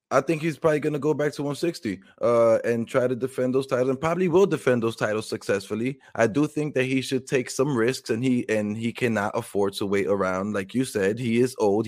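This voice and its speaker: A man's voice: medium pitch, a little mellow, no room sound, studio quality. A man co-hosting a casual boxing talk show, giving blunt, opinionated takes. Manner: opinionated, frank, with restarts.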